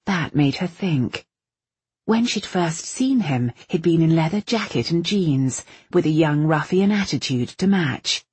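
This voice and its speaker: Casting: low, husky female audiobook narrator, steady, dry close sound. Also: no room sound. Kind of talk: scripted narration.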